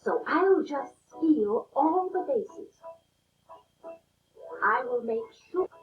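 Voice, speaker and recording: Woman reading as a polite literal-minded housekeeper lady, earnest, slow, kinda muffled audio. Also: high-pitched, expressive, soft background music, exaggerated voice.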